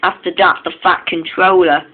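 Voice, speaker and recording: A storyteller improvising a storybook tale, halting with many restarts and repeated words. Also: mid-range voice, little pitch movement. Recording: tinny phone-like sound, faint hiss.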